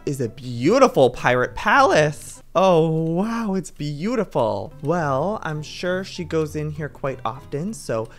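Lively, theatrical man gaming. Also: a little high, slow pace, few pauses, faint music behind. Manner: theatrical, gasps often, sneaky stage whispers. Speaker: gaming video host. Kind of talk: playful let's-play commentary.

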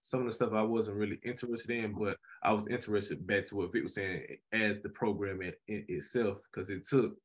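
Low-voiced young man chatting casually. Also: brisk, few pauses. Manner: animated storyteller, frequent "you know what I'm saying". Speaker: podcast co-host, graduate student. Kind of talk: casual podcast chat.

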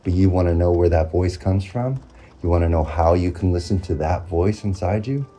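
A man giving an earnest motivational monologue, repeating phrases and pausing often. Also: low-pitched, mellow, a little hiss or hum. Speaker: motivational vlogger.

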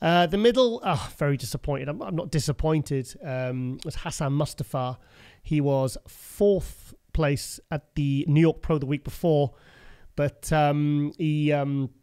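A man's voice: on the high side, darkish tone, clean tone. A British man hosting a podcast interview, enthusiastic and chatty, often repeating himself and calling his guest mate. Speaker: podcast host. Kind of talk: casual interview chat.

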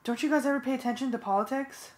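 A woman voicing a sharp, impatient teenage girl who speaks urgently. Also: high voice, fast talker, pitched above the performer's own voice, natural voice. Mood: exasperated. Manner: urgent, exasperated.

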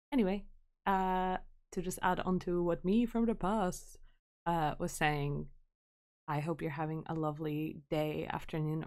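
A woman's voice: on the low side, darkish tone. A woman streamer chatting casually over gameplay, rambling and self-deprecating, with many fillers. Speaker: game streamer.

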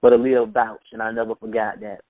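A man with a fairly low, fairly monotone voice is a guest on a phone interview, casually recalling stories in a relaxed way. He laughs quickly now and then and imitates voices in his anecdotes. The line sounds tinny and dry, with no echo.

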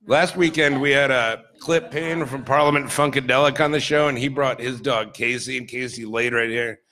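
A man's voice: mid-range voice, fairly even intonation, moderate pace, sharp tone. A young man hosting a loose comedic chat show, rambling along and laughing often. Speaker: host.

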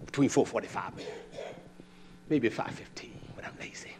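A man preaching a sermon, reading scripture aloud and scolding his listeners bluntly, swinging from loud outbursts to low mutters. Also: normal speed.

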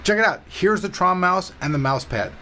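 A man's voice: high-pitched, animated, moderate pace, pushed and bright, slight background noise. A man hosting a casual, enthusiastic tech unboxing review, talking to viewers with a sore throat. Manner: chatty, enthusiastic, talks straight to viewers. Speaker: tech reviewer and channel host.

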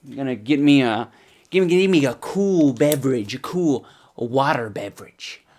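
A young man hosting a comedy vlog, reviewing a product with crude, mocking sarcasm, swearing often and swinging between loud outbursts and muttered asides. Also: medium pitch, animated, normal speed, slight background noise.

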